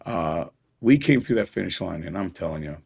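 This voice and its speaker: A man's voice: deep voice, expressive, fairly quick, gravelly, a little mellow, breathy edge. A middle-aged man, a podcast guest, telling personal stories in an earnest way and chuckling now and then. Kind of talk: personal storytelling in a conversation.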